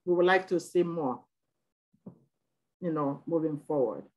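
A woman's voice: low voice, unhurried, darkish tone, rough recording. An older woman, a community working group member, speaking plainly and firmly at a public meeting.

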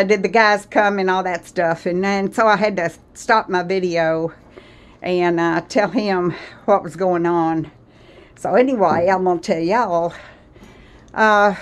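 Slow, rambling woman vlogger. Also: medium pitch. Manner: rambling, chatty, laughs often. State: out of breath. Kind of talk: casual chat to viewers. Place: country cottage kitchen.

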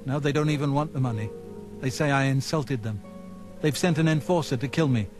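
A man's voice: mid-range voice, a little fast, a little mellow, soft background music, natural voice. An actor playing a nervous, fussy male nobleman in a video game, flustered and apologetic, with an overdone foreign lilt.

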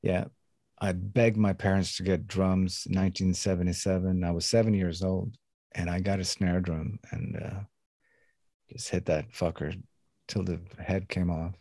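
Deep Swedish-accented man, relaxed. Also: moderate pace, dry recording. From Sweden. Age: 50s. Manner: laid-back, relaxed, with casual swearing. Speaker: guest musician. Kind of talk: casual interview chat.

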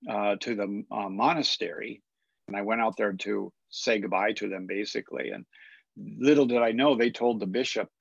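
A man's voice: fairly low pitch, fairly even intonation, moderate pace, creaky, husky, no echo, muffled recording. An older man, a guest in an interview, telling a personal story in a hesitant way, often repeating and restarting his words. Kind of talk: storytelling in a conversation.

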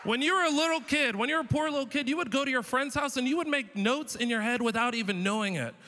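A man in his thirties performs live stand-up on stage, telling animated stories and doing the voices of the people in them. His voice is very high and his pace is quick.

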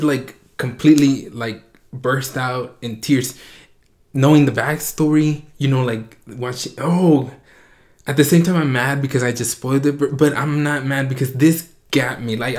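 A young man hosting a reaction video, talking casually and getting excited and emotional as he watches. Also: medium pitch.

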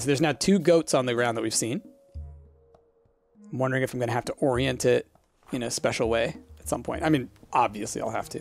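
Rambling let's play host, lively pitch. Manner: rambling, self-deprecating asides. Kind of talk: casual gameplay commentary.

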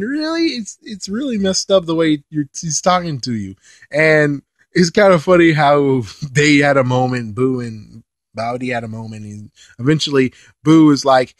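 A man giving casual episode commentary as an anime reviewer. He is animated, swears casually, and laughs while he talks. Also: on the high side, normal speed, no room sound.

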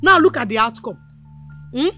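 A woman's voice: high-pitched, lively intonation, moderate pace, bright, forceful tone, faint music behind. An actress with a Nigerian accent playing an older mother who scolds and mocks her son, laughing between taunts. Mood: mocking. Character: mocking scolding Nigerian mother, loud and gloating.

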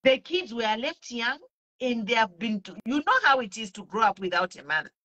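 Earnest Zambian woman, bright voice. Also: fairly high pitch, animated, moderate pace. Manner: earnest, pleading, switches languages mid-sentence. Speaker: speaker sharing testimony. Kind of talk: personal testimony mixing English and Bemba.

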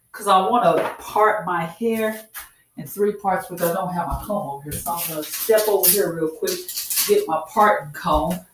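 A woman's voice: fairly low pitch, slight background noise. A woman chatting casually through a hair care tutorial, repeating herself and calling her viewers y'all. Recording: echoey room.

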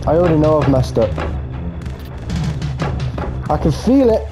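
A young man hosting his own gaming channel, giving an excitable let's play commentary with plenty of swearing and shrieks when things go wrong. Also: fairly high pitch, a little slow. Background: game music.

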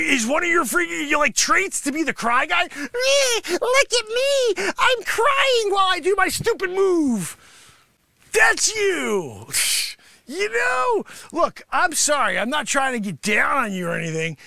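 A man doing a brash, gravelly karate sensei. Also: very high voice, very animated, a little slow, bright, forceful tone, dry recording, pitched above the performer's own voice, full character voice. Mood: scolding. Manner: brash, scolding, mocking, salesman patter. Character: boastful greedy male karate sensei, middle-aged, abrasive. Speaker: comedy show host. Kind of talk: improvised comedy character monologue.

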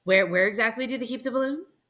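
A woman's voice: a little high, quick pace, fairly bright tone, pitched above the performer's own voice, natural voice. A woman voicing an exasperated mother in a children's picture book, speaking in a fretful, complaining way. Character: exasperated mom, a grown woman, fretting.

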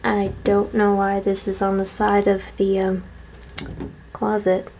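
Sleepy young woman vlogging her hotel room, talks slow and chatty, faint hum behind. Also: medium pitch, completely flat delivery, vocal fry, darkish tone. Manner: chatty, tired, self-deprecating asides. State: tired and yawning. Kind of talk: casual vlog, hotel room tour. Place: small hotel room, indoors.

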